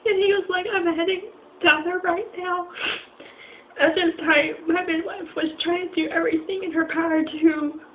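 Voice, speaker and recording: A young woman telling a personal story on a vlog, halting and often near tears, with many fillers and restarts. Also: very high voice, fairly even intonation. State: crying at times. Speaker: vlogger. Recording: tinny phone-like recording with faint noise.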